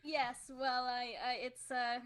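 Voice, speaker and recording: A woman's voice: sits high, level tone, takes it slowly, fairly bright tone, clean tone. A woman playing a tabletop game, hesitant and stammering while speaking in character. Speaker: player. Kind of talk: casual tabletop play.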